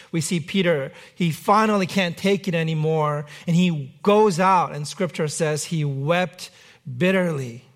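A man preaching a sermon as pastor, conversational with light humor. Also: fairly high pitch.

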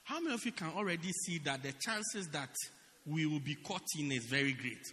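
A man preaches a lively sermon, teasing his congregation with jokes. His voice is high and very bright, rising and falling a great deal. The sound carries the long reverb of a church hall. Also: fairly quick. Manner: animated, joking with the congregation.

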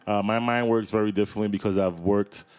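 A man's voice: on the low side, fairly even intonation, fast talker, darkish tone, clear, resonant tone. A man co-hosting a faith-based podcast conversation, talking eagerly and restarting his sentences. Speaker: podcast co-host.

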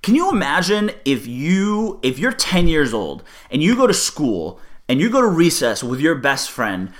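A man's voice: a little high, huge pitch swings, a little slow. A man co-hosting a casual sports talk show, arguing his point and telling long mocking hypotheticals.

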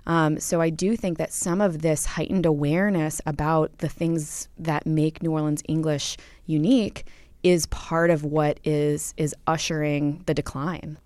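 A woman's voice: sits low, steady tone, unhurried, darkish tone, dry recording. A woman researcher answering interview questions, thoughtful and explanatory, with many ums and uhs. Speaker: linguistics researcher.

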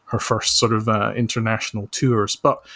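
A man speaking as a podcast guest over a remote call, chatting in a dry, deadpan, mock-serious way. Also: on the low side, normal speed. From Scotland. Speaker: podcast guest, author and social researcher. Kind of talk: casual comedic chat.

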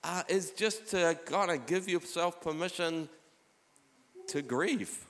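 A male pastor preaches a relaxed, conversational sermon. His voice sits slightly high and reads scripture between stories. The sound trails off into a long church-hall reverb. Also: slow pace.

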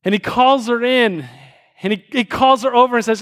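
A man preaching a sermon, telling a story with many restarts and slowing down for emphasis. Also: high-pitched. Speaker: pastor.

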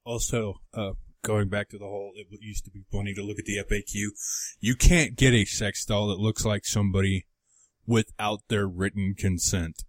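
A man's voice: lowish voice, little pitch movement, normal speed, no echo. A man co-hosting a casual talk show, making dry, wry remarks and sometimes stumbling over his words. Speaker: podcast co-host. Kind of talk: casual chat.

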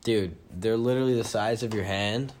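A man's voice: on the low side, normal speed, a crowd in the background. A tired young man co-hosting a podcast in casual chat, teasing his friend bluntly and swearing a lot. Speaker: podcast co-host.

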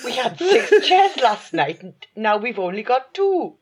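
A man putting on a gruff Welsh landlord. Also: very high-pitched, big pitch swings, unhurried, pitched above the performer's own voice, exaggerated voice. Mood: grumbling. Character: gruff Welsh pub landlord, middle-aged man, grumbling.

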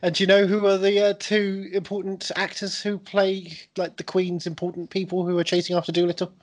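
A man co-hosting a podcast, chatting casually with jokes, swearing and quick impressions. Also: high voice, monotone. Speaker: podcast co-host. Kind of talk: casual chat.

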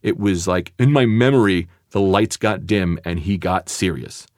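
A man's voice: sits low, normal speed, no room sound, studio quality. A man, a comedian, telling a personal story in a casual, conversational way with loose phrasing.

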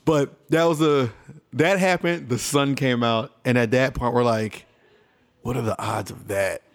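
A man's voice: medium pitch, a little slow, vocal fry. A man in casual chat, telling a story with energy and acting out what people said. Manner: animated storyteller who acts out quotes.

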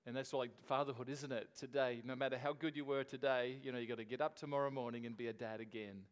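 An older man preaches to his congregation in a relaxed, chatty way, chuckling as he talks. His voice is of middling pitch, and he speaks like a grandfather easing into his sermon. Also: fast talker. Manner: jovial, chuckling, conversational. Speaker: pastor. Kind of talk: sermon opening.

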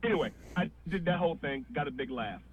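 A man's voice: a little high, fast talker, a crowd in the background. A man, a comedian telling a long story on a podcast and acting out the voices in it. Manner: animated storyteller, acts out voices. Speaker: guest comedian. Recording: tinny phone-like line with faint noise.

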